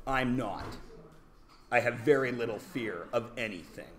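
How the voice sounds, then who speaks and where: A man's voice: mid-range voice, a little slow, crowd noise. A man teaching a class, blunt and provocative, talking over his students. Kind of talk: classroom lecture.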